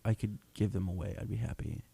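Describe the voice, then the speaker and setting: A young man co-hosting a casual, rambling talk show, playful and quick to laugh. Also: on the low side, fairly even intonation, gravelly, dark tone, slightly rough. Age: young adult. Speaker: co-host. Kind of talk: casual chat.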